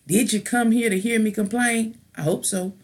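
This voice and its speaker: A woman's voice: a little high, fairly even intonation, normal speed, a little mellow. A woman, a mother, hosting a live stream and ranting in a blunt, rambling way, irritated, with restarts and casual slang. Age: adult with children. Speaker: tarot live-stream host.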